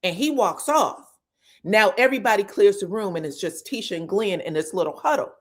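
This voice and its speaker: A woman's voice: mid-range voice, a little fast. A woman recapping reality TV drama in casual gossip, telling it with energy and swearing freely. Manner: animated storytelling, swears freely, acts out what others said; keeps checking in with "you know what I'm saying". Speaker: reality TV commentator.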